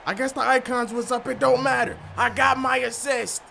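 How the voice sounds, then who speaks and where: High-voiced, gravelly man hyping gameplay. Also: steady tone, moderate pace, faint music behind. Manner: hypes plays with frequent shouting. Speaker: gaming video creator. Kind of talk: excited gameplay commentary.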